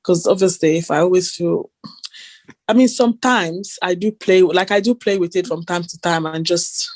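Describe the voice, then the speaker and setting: A woman's voice: lowish voice, moderate pace, a little mellow, dry recording. A woman co-hosting a casual chat, giggly and hesitant, often searching for her words. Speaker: podcast co-host.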